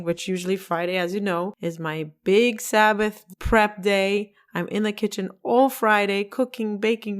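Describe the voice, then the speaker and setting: A woman in her forties hosting a solo podcast, telling a personal story in an emotional, expressive way and acting out her own past words. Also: lowish voice, smooth. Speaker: podcast host.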